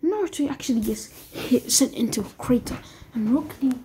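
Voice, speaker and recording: A young woman casually retelling a fan-fiction story as a YouTuber, rambling in a soft, whispery way. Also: sits high, expressive, brisk, slight background noise.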